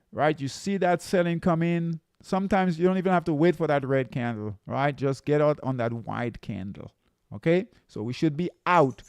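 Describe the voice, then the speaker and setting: A man's voice: a little high, clear, resonant tone, no room sound, studio quality. A man running a live trading lesson, walking through charts and checking in with "okay?" and "right?" as he talks. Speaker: trading coach.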